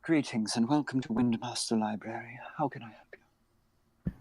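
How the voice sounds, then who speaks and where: A man voicing a polite elf librarian monk in whispered role-play, keeping his voice low. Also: steady tone, measured pace, natural voice, rough recording. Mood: hushed, helpful. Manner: soft-spoken, polite. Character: hushed elf librarian monk, calm and helpful.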